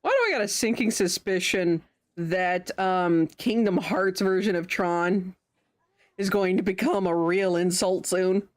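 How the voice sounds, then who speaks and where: A woman's voice: on the low side, a little slow. A young woman streaming a game, chatting casually and laughing often as she comments on the story. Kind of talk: casual let's-play commentary.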